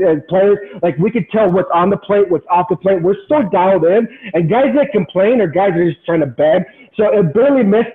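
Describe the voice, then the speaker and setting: A man in his forties, a former pro ballplayer, tells a story as a podcast guest in an animated, intense, motivational way, repeating words when excited. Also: high-pitched. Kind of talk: storytelling in casual interview. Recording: tinny phone-like sound.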